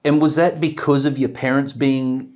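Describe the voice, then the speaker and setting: A man's voice: medium pitch, fairly even intonation, normal speed, darkish tone. An Australian man hosts a casual interview show with a matey, effusive manner. He throws in a friendly "mate" as he asks his questions. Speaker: podcast host.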